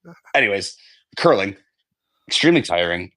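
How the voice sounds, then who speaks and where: A man's voice: lowish voice, very animated, moderate pace, fairly bright tone, no room sound. A man hosting a sports podcast in casual chat, rambling and swearing freely. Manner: rambling, profane, self-correcting. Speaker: podcast host.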